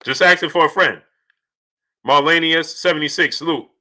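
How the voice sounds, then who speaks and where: Male streamer, high and bright, who keeps repeating rhetorical questions and greets the viewers in the chat by name. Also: normal speed. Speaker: boxing channel host. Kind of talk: livestream commentary, reading chat.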